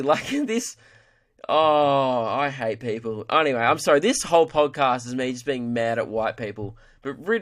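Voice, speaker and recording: A young man rants his way through a comedy podcast, exasperated and sweary. His voice sits a little high for a man, and he breaks into quick mimicry of the people he mocks. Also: a bit bright. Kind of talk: ranting comedy podcast monologue.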